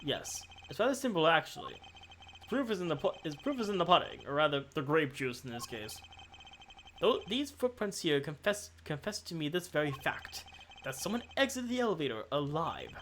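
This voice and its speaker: A woman voicing a calm, self-assured male prosecutor, reading game dialogue aloud in a measured, formal way. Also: sits low, slight background noise. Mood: composed.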